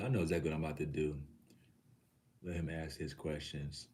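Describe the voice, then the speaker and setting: A middle-aged Texan man hosts a livestream, chatting casually with his viewers, cursing freely and calling them nephew. His voice is extremely low and mellow, with little pitch movement, at a normal speed.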